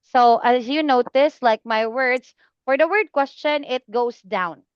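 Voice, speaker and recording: A woman tutoring a student in speaking, patient and slow, repeating the student's name often. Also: sits high, clear, resonant tone, dry recording, highs cut off. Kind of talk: one-on-one online lesson feedback.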